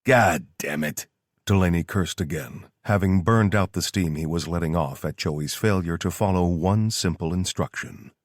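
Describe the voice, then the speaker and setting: A man reading an audiobook in steady, scripted narration. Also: low voice, moderate pace, hardly any pauses, dry recording, studio quality.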